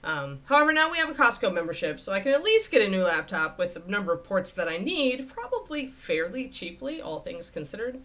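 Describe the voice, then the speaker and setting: In a sing-song, sharp-toned voice of medium pitch, a woman talks a little fast with few pauses during a casual home livestream. Painting miniatures, she rambles and laughs, amused by herself, speaking into a desk USB mic at face level.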